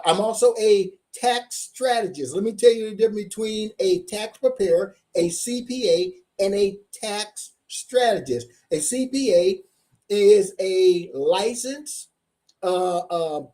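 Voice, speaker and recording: A man's voice: sits high, lively intonation, measured pace, dark tone. A middle-aged man giving a live-streamed seminar as a tax coach, hyped up and asking "okay?" again and again. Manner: hyped-up, repeats "okay?" often.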